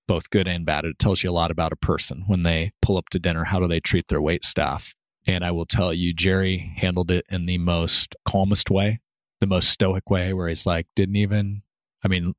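A man's voice: low voice, no room sound. A man in his thirties from Kansas, hosting a podcast and telling a story in a casual, personal way. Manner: warm storytelling, speeds through disclaimers. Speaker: podcast host.

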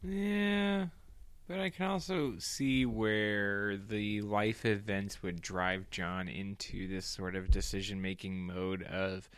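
A man co-hosting a casual TV recap podcast, measured and reasonable, explaining the other side calmly. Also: on the low side, clear, resonant tone, no room sound. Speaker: podcast co-host.

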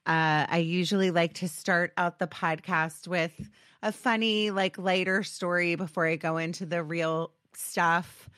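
A woman hosting a podcast, talking in a halting, heartfelt way with many pauses and ums as she gets emotional. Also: deep voice, a bit bright, no echo, studio quality. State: getting emotional. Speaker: podcast host.

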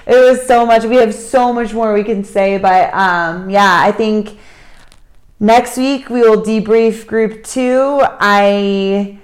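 A woman's voice: mid-range voice, takes it slowly. A woman co-hosting a podcast in casual chat, talkative and openly emotional, recorded in Cusco, Peru. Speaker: podcast co-host and hiking trip leader.

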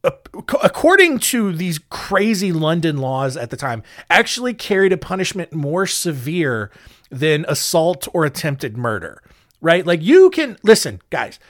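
A man's voice: fairly high pitch, big pitch swings, a little slow, a bit bright. A man hosting a podcast, telling strange history stories in a joking, rambling way with many asides and ums. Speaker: podcast host. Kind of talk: comedic history storytelling.

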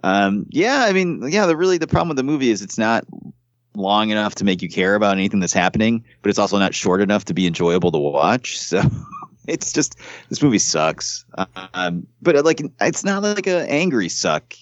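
A man's voice: on the low side, very animated, fairly quick, dry recording, dull audio. A man hosting a casual movie review podcast, blunt, profane and sarcastic. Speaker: podcast host.

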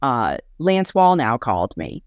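A woman in her sixties tells her story with lively energy, slipping into the voices of the people she quotes. Her voice is smooth and clear, and the recording is dry and close, with no room sound. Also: rumbling low, measured pace, no echo. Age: 60s. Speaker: guest speaker and ministry leader. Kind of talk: conversational storytelling.

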